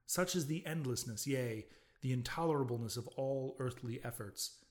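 A man reading a classic novel aloud, in a measured, declamatory way. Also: medium pitch. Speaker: narrator.

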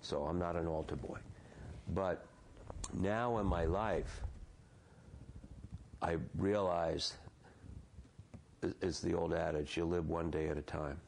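A man in his sixties telling a personal story as an interview guest, halting often and repeating words as he restarts. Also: low-pitched, steady tone, gravelly, darkish tone, slight background noise. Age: 60s.

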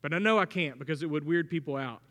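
A preacher putting on a hushed, eccentric churchgoing man. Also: a little high, quick pace, big-room sound, voice pushed down, natural voice. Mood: earnest.

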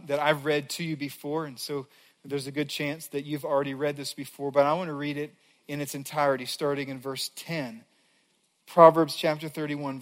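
A man preaching a sermon as a pastor, earnest, reading scripture aloud with building emphasis. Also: a little high.

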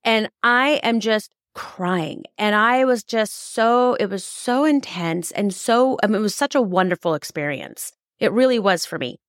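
A woman's voice: mid-range voice, animated, unhurried, hardly any pauses, no room sound. A woman co-hosting a podcast, a psychotherapist telling a personal story in casual chat, candid and swearing freely, close to the mic.

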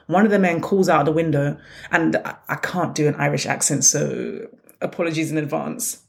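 A woman hosting her own podcast, telling stories in a blunt, sarcastic, animated way. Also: low-pitched, normal speed, vocal fry. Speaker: podcast host. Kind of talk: casual solo podcast monologue.

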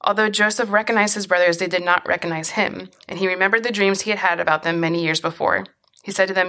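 A woman's voice: on the low side, steady tone, quick pace, pushed and bright. A woman co-hosting a casual podcast, chatting loosely with lots of fillers and then reading scripture aloud. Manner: chatty, filler-heavy, laughs often. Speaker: podcast co-host.

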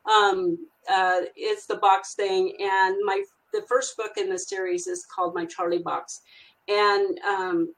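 The guest, an older children's author and grandmother, tells a story slowly in a casual interview, rambling with many fillers and restarts. Her medium-pitched voice barely moves in pitch and sounds a bit bright, and the recording is rough.

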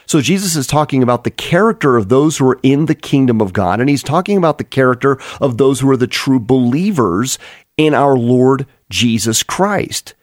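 A man's voice: mid-range voice, expressive, moderate pace, no room sound, studio quality. A man preaching an earnest, explanatory Bible teaching sermon, with frequent restarts as he works through the text.

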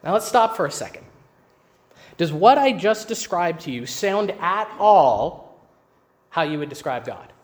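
Male pastor, higher voice, emphatic teaching sermon with rhetorical questions. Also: big pitch swings, measured pace, pauses often.

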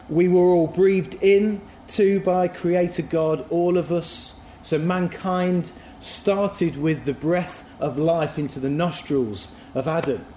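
A man's voice: fairly high pitch, warm tone, slight background noise. Reflective man preaching in an echoey room. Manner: reflective, musing, conversational. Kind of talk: sermon.

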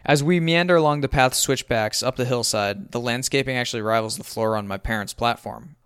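A young man narrating a first-person story in a wry, even manner. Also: medium pitch, fairly quick, hardly any pauses, clear, resonant tone.

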